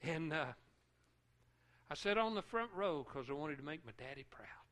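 Emotional preacher, high bright voice. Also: male voice, lively intonation, normal speed. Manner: emotional, swings from hushed to loud; repetitive rhythmic phrasing. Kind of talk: sermon.

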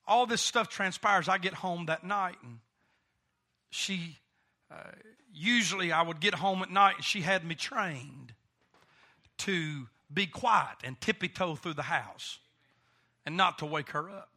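A man preaching a sermon through an animated personal story, with many "uh" fillers. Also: sits high, measured pace.

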